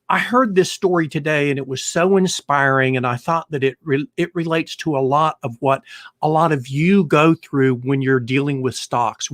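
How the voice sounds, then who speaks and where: A man's voice: fairly high pitch, dry recording, clean studio sound. A man hosting a retirement planning show, talking straight to his viewers and telling a long parable in an earnest, repetitive way. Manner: earnest storytelling, repeats himself when telling a parable. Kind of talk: direct-to-camera talk.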